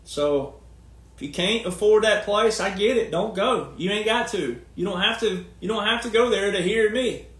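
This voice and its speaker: A man's voice: high voice, normal speed, fairly bright tone, reverberant. A man talking in a long, casual monologue, folksy and emphatic, firing off rhetorical questions. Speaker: commentator and speaker.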